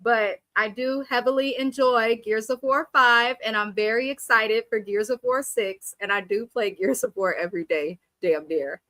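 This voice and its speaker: A woman's voice: fairly high pitch, normal speed, hardly any pauses, a bit bright, no echo. A woman live-streaming a reality TV recap, blunt and sassy, reading viewer comments aloud and mimicking cast members. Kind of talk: casual live reaction commentary.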